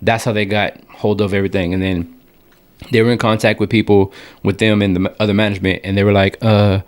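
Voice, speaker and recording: Lively young man telling a story. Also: lowish voice, fast. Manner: animated storyteller, acts out quoted voices. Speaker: podcast co-host. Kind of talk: casual chat, storytelling.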